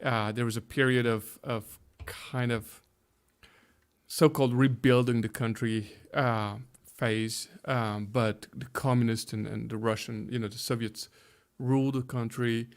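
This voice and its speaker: A man's voice: medium pitch, fairly even intonation, measured pace. A man in his fifties from Hungary with a Hungarian accent, a pastor being interviewed who speaks carefully and often restarts while searching for English words. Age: 50s. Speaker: guest, pastor. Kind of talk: conversational interview.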